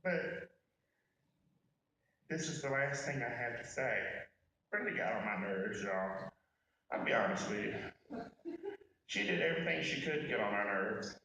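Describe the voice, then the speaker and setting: A man's voice: on the low side, animated, measured pace, long pauses, pushed and bright, slight background noise. A man giving a personal eulogy, telling candid and humorous stories and speaking straight to the mourners at a memorial service. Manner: folksy and candid, addressing the crowd directly. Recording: echoey room from far off.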